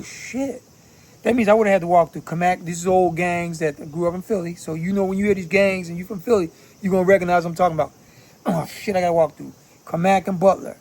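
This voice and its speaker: A man's voice: high voice, a little mellow. A man from Philadelphia giving casual commentary, talking bluntly in profane street slang. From Philadelphia, USA. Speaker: channel host giving commentary.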